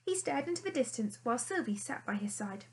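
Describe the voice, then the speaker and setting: A woman narrating a children's storybook chapter in an expressive, animated storytelling manner. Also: a little high, fairly quick, low-quality recording. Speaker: audiobook narrator.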